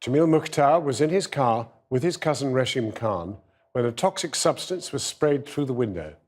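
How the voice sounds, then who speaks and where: A male news presenter introducing a report in a formal, steady read. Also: medium pitch, normal speed.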